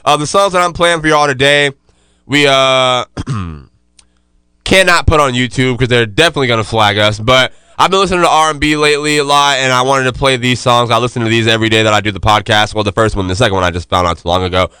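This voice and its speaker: A man's voice: mid-range voice, quick pace, pushed and bright, clear, resonant tone, dry recording, clean studio sound. A man hosting a casual podcast, talking loosely with lots of slang and fillers. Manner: laid-back, loose slangy delivery with many fillers. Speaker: podcast host.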